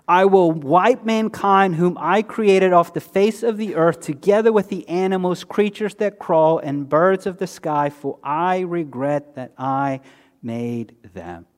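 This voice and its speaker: A male pastor with a high voice gives a sermon in plain, chatty language. He asks his listeners questions and answers them himself, sinking low and quiet on the words he stresses. The long reverb of a church hall trails after him. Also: unhurried, hardly any pauses. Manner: conversational preaching with rhetorical questions, dropping low on key words.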